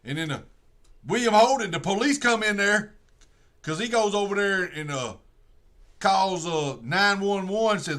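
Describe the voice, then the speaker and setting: A man with a bright, forceful voice pitched a little high retells a movie he watched. He rambles and corrects himself, and he drops low to act out the characters' lines. The tone is casual livestream chat. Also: animated, unhurried. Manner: rambling storytelling, acts out quotes in a low voice. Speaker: livestream host.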